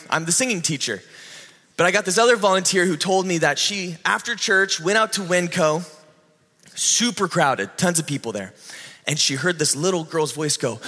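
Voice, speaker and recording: Man in his thirties, high bright voice, animated church talk, long hall echo. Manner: lively and animated, laughs often. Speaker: children's ministry leader. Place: church sanctuary.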